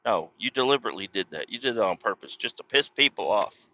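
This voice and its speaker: Bright-voiced swearing podcast man. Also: lowish voice, expressive, fast talker, a little hiss or hum. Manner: profane, rambling, swears constantly. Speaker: podcast host. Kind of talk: casual storytelling monologue. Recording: dull lo-fi, dry.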